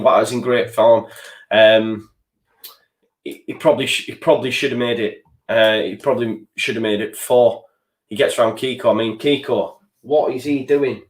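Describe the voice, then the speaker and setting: An echoey room carries the mid-range voice of a young man hosting a live football watchalong for a fan channel. He gets frustrated and swears while reacting to play and reading what viewers post in chat.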